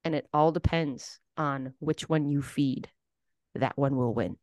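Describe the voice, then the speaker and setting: Host, mid pitch, animated explainer who builds analogies, recorded dry. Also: a little slow, no room sound. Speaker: podcast host. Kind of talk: casual conversation.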